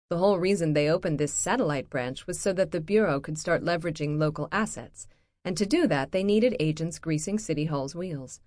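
Low-voiced woman reading an audiobook. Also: moderate pace, darkish tone, no echo, studio quality. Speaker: audiobook narrator. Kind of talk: scripted audiobook narration.

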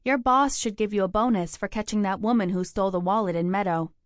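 A woman's voice: mid-range voice, fast talker, no echo, clean studio sound, close to an everyday voice. A woman reading the part of a playful young woman in her twenties, a teasing best friend who talks in an upbeat, sing-song way. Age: 20s.

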